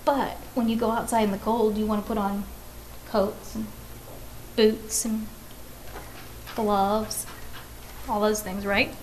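A woman's voice: medium pitch, little pitch movement, slow, pauses often, a little hiss or hum, poor audio. A woman reading a story aloud to children, with friendly conversational asides and questions to her listeners.

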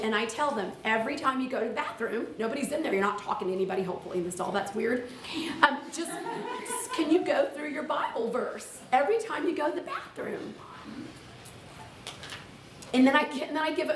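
A woman's voice: fairly high pitch, a little hiss or hum. Chatty teacher woman in an echoey room. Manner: lively, chatty, with teacherly asides. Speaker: teacher leading a workshop. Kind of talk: live classroom-style workshop talk. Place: room with audience. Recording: echoey room, far from the mic.

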